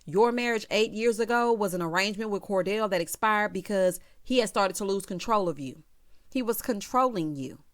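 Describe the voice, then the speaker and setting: A woman's voice: mid-range voice, normal speed. A woman giving a casual, sassy show recap, talking bluntly and directly to her viewers. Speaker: vlogger reviewing a TV show.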